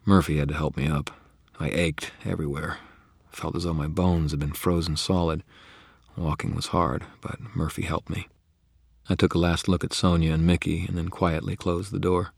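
A man narrates a first-person story in a gritty, understated manner, his voice extremely deep and rough with fry. The tone is husky rather than clean, recorded close and completely dry. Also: level tone, moderate pace, dry recording. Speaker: audiobook narrator.

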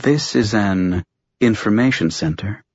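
A man voicing a precise, dry older woman scientist, speaking in a measured, matter-of-fact way in an audiobook. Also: lowish voice, expressive, slightly rough, heavily acted. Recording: dull lo-fi audiobook recording.

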